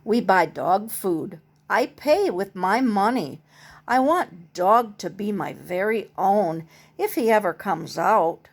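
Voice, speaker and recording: Slow, gentle woman reading a storybook. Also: mid-range voice, lively intonation. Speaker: storybook reader. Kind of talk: reading a picture book aloud with comments.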